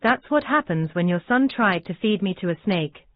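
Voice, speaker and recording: A woman's voice: medium pitch, lively intonation, moderate pace, no room sound, close to an everyday voice. Casting: woman voicing a young boy wizard, plain, tinny and dry. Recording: dry, tinny phone-like sound.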